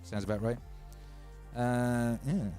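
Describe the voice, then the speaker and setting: A man's voice: mid-range voice, steady tone, takes it slowly, mellow, faint music behind. A man hosting a casual livestream, rambling and self-mocking with lots of fillers and restarts, reading viewer comments aloud and calling viewers brother and sister. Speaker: livestream host and music producer.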